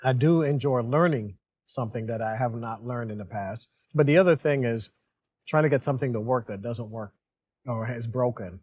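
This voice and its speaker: A man's voice: medium pitch, moderate pace, darkish tone, breathy edge. Wry middle-aged man, casual chat. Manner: dry humor, laughs at himself. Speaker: company president.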